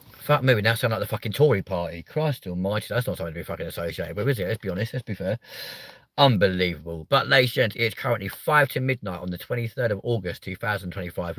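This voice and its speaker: A young man hosting a live comedy stream from a car, sweary and mocking, jumping from loud outbursts to muttered asides. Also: on the low side, dry recording. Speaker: host of a live stream show. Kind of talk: crude comedic live chat.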